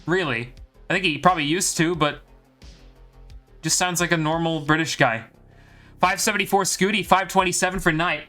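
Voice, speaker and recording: A man's voice: a little high, normal speed, pauses often, bright, forceful tone, faint music behind. A man from Ireland with a light Irish accent, commentating a live game stream and joking with his viewers in a chatty, bragging way.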